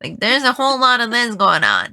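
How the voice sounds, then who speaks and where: A woman's voice: fairly high pitch, wildly swooping pitch, a little fast, sharp tone. A woman co-hosting a book podcast in casual chat, her voice stuffy and congested from allergies, with dry, wry asides. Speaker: podcast co-host.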